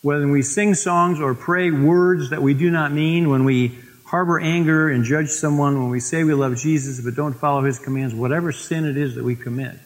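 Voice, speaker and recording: A man preaching a sermon, telling stories and slowing down to stress scripture. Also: on the high side, fairly even intonation. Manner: storytelling, slows for emphasis on scripture. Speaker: pastor. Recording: long reverb of a church hall.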